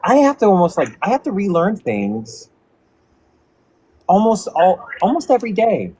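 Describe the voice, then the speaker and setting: A man who is a voice actor, chatting as a guest in a casual video-call interview, animated and rambling with lots of "like". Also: high-pitched, moderate pace, slight background noise, low-quality recording.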